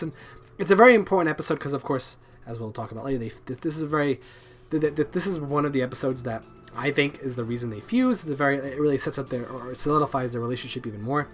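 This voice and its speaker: A man giving a casual, rambling review of cartoon episodes, halting and repeating words, with lots of ums and likes. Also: medium pitch, fairly bright tone. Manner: loose and informal, swears offhand. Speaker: video reviewer.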